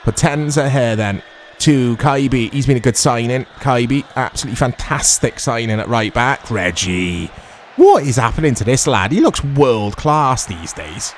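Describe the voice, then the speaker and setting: A man talks his viewers through a football video game in a loose, chatty way. He jumps up in volume when a chance comes close. A faint hiss sits under his mid-pitched voice. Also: moderate pace. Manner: excitable, shouts at big chances, chatty asides. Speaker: gaming commentator. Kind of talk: casual let's-play commentary.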